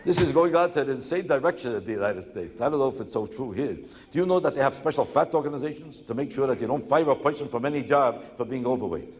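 A man's voice: mid-range voice, lively intonation, fast, hardly any pauses. A male stand-up comic delivers his routine in punchy, sarcastic bursts. His voice swings widely up and down through each joke. A long hall reverb trails every line of the clip. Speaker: stand-up comedian.

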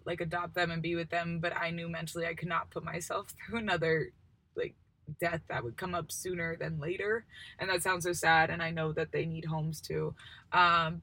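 A woman in her twenties talks through a loose, casual solo chat, full of fillers. Her voice is bright and gravelly, sitting on the low side, and the sound is dry and close with no room around it. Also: no room sound. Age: 20s. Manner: chatty, rambling, lots of "like" and "um". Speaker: podcast host.

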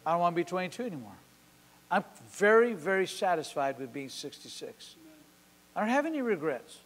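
A man's voice: high-pitched, very animated, a little fast. Impassioned older man preaching in a hall. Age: 60s. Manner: impassioned storytelling with sudden loud peaks and quiet drops. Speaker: pastor. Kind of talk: sermon. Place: church service. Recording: long hall reverb.

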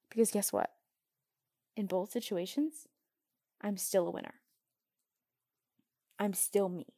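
A teenage girl hosts her own podcast in a casual, bubbly, upbeat manner, her voice sitting in a middle pitch. The recording is dry and close, with no room echo. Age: teens. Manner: bubbly, upbeat, acts out quoted chats in a higher voice. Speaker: podcast host. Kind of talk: casual solo podcast talk.

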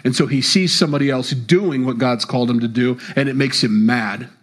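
A man with a husky, slightly breathy voice of average pitch preaches a sermon. He talks in an animated way and his voice jumps sharply upward whenever he stresses a point. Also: fairly quick. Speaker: pastor.

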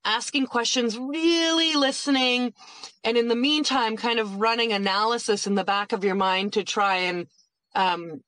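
A woman hosting an interview, affirming her guest and summing up her points in quick questions. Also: a little high, steady tone, a bit bright, no room sound, low-quality recording. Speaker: podcast host. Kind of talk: casual interview.

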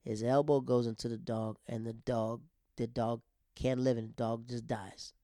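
A man casually telling a long story, animated, with frequent restarts and acted-out quotes. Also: medium pitch, normal speed, dry recording, clean studio sound. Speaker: storyteller guest.

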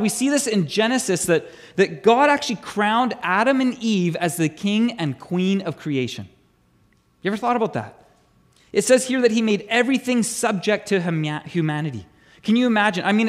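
Pastor, male, high animated voice; chatty sermon delivery that quizzes the room. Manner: chatty, asks the congregation questions, repeats words. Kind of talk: conversational sermon.

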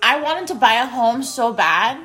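A woman's voice: a little high, lively intonation, unhurried, a bit bright. A woman in her thirties hosting a casual solo podcast from a spare bedroom at home. She talks straight to her listeners and repeats her phrases. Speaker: podcast host.

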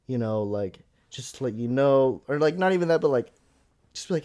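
A young man tells a story in a loose podcast chat. He leans on filler words and acts out the people he quotes with sudden loud bursts. His voice sits at an ordinary middle pitch. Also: lively intonation, quick pace. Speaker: podcast co-host.

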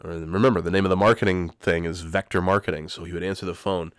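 Low-voiced man rambling through a story. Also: steady tone, quick pace, a little hiss or hum. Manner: rambling, profane, self-correcting. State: has a cold. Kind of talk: casual storytelling monologue.

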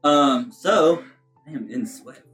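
A young man with a middle-pitched voice, talking in a laid-back, slangy way as he co-hosts a live stream. He greets viewers casually, with faint music in the background. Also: lively intonation, slow pace, fairly bright tone. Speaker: podcast co-host.

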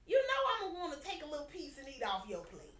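A woman hosting a podcast in casual chat, reading scripture aloud and talking it over in an animated way, repeating her lines and checking in with her listeners often. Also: sits high, fast talker, roomy sound. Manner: animated and chatty, repeats lines and keeps asking "right?". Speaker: podcast host.

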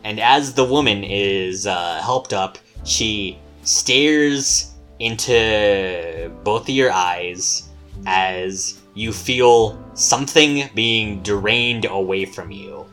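A man's voice: lowish voice, animated, very slow, fairly bright tone, faint music behind. A man who runs the game casually recounting a tabletop session, rambling with lots of fillers and the odd swear word. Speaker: game master.

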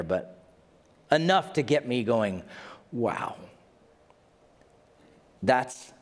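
Pastor guy preaching, lively up-and-down voice, chatty asides, long hall reverb. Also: mid-range voice. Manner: conversational, animated preaching with asides. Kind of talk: sermon.

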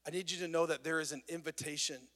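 A man's voice: fairly high pitch, steady tone, quick pace, fairly bright tone. A man, a pastor, preaching a conversational and earnest sermon. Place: worship venue. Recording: long reverb of a church hall.

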